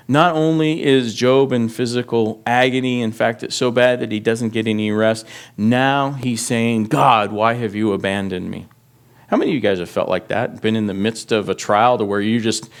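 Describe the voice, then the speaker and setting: Man preaching a verse-by-verse sermon. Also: medium pitch. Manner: reads scripture aloud with rising intensity, speaks plainly to the congregation. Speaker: pastor. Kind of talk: expository sermon.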